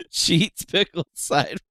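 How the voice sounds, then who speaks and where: A man's voice: high-pitched, sing-song, a little slow, fairly bright tone, no room sound. Crude laughing male streamer, dry sound. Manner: crude, laughing, loose talk. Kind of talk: casual reaction commentary.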